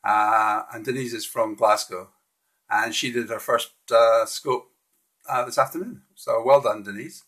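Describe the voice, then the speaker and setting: Male live-streamer, husky mid-pitched voice, friendly and halting delivery. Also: steady tone, a bit bright. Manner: friendly, hesitant, frequent restarts. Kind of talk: casual live-stream walkthrough of slides.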